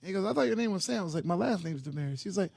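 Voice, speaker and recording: A man co-hosting a podcast, telling a story quietly and casually. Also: high-pitched, lively intonation, racing, creaky, slightly rough, no room sound, clean studio sound. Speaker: podcast co-host.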